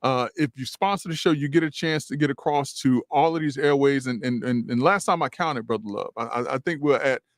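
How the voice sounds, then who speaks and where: A man's voice: mid-range voice, brisk, hardly any pauses, no room sound, studio quality. A man co-hosting a radio talk show, earnest, restarting often and stacking points in repeated phrases. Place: radio studio.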